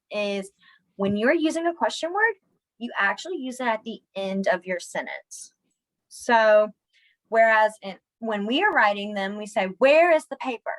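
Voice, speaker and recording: In poor audio, a young woman with a mid-range voice runs a laid-back online sign language lesson. She chats easily and is self-deprecating, perking up when her students give the signs a go.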